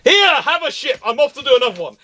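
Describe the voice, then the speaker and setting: A man's voice: extremely high pitch, sing-song, fast, pitched above the performer's own voice, exaggerated voice. A man putting on a boisterous reckless medieval noble brawler. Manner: boisterous, shouting battle cries. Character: brash reckless medieval nobleman warrior, male.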